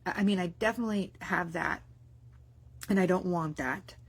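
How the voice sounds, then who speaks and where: Woman, breathy voice, casual vlog monologue, rambling, restarts and fillers. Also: lowish voice, moderate pace. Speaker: mindset vlogger and business owner. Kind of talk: casual spoken diary monologue.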